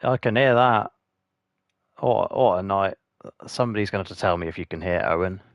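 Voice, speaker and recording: A man hosts and commentates a sim racing league on a live stream. He talks casually and with self-mockery between races, in a somewhat low voice. Once the cars set off, his calls turn quick and excited. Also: vocal fry, no echo, lo-fi sound. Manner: chatty, self-mocking, rising to excited race calling.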